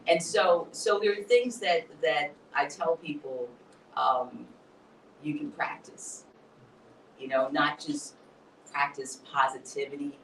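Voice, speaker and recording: A poet speaking as a guest in a live onstage interview, an animated storyteller who mixes motivational talk with laughter. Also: male voice, on the high side, slow, echoey room, distant mic, a little hiss or hum, poor audio. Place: hall at a live event.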